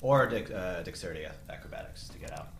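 Male game master, lowish voice, roomy sound with noise behind, easygoing narration. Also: fast talker, creaky. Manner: laughing easily, relaxed narration.

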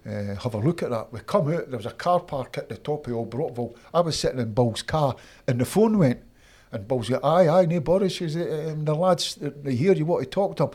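Casting: Scottish man, fifties, animated storyteller, middle pitch. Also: brisk, breathy edge. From Scotland. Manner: animated anecdotes, acts out quoted voices. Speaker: interview guest, former footballer. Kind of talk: storytelling in casual interview.

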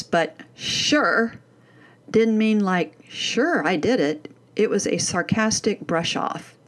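A middle-aged woman presenting a parenting course and telling a personal story in a scripted, animated way, leaning hard on key words. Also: mid-range voice.

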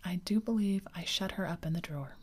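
A woman's voice: deep voice, normal speed, darkish tone. A woman whispering the part of a cheerful, boastful boy who never wants to grow up, in a whispered role-play. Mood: gleeful. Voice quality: breathy whisper. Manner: eager, boyish, carefree.

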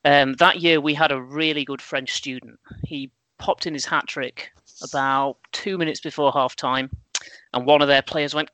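A man's voice: a little high, fairly even intonation, normal speed, bright, forceful tone, no echo, low-quality recording. A man on a podcast panel, telling wry, self-deprecating anecdotes.

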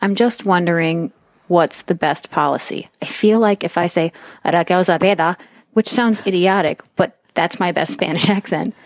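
A woman's voice: fairly low pitch, moderate pace, no echo. A middle-aged woman from New Hampshire leaving a voice note for a podcast, earnest and a little self-deprecating as she asks her question. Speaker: listener sending a voice note. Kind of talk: recorded voice message.

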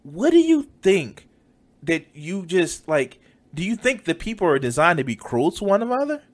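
A man's voice: a little high, very animated, moderate pace. A man giving heated, profane reaction commentary, mocking and swearing often.

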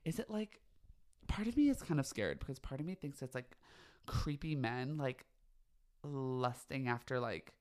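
Young male podcast host, campy and theatrical, gossipy, foul-mouthed, mid-pitched voice. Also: lively intonation, moderate pace, a little mellow. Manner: campy, dramatic, gossipy, swears freely. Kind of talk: casual solo podcast chat.

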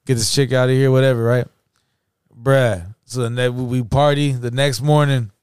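Man, casual storytelling, slangy and profane, dry close sound, middle pitch. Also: fairly even intonation, normal speed, a little mellow, clean tone, dry recording. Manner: profane slangy storyteller, acts out quotes, laughs often. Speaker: podcast host.

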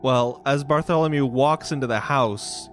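A man's voice: mid-range voice, moderate pace, faint music behind. A man running a tabletop game as game master, describing scenes loosely with jokes.

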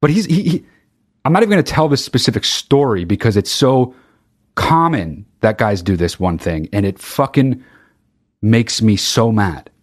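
A man hosting his own podcast and talking straight to the listener in a worked-up rant. He swears freely, stumbles and restarts as he builds up steam. His voice sits at an ordinary middle pitch for a man. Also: expressive, moderate pace. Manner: heated, profane ranting with frequent restarts. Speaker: podcast host. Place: very hot recording space.

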